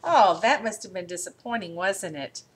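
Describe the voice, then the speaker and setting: A woman teaching a practice phonics lesson, talking to pupils and slowly sounding out words to them, recorded on a webcam. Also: mid-range voice, lively intonation, slight background noise. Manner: slow, encouraging, sounds out words.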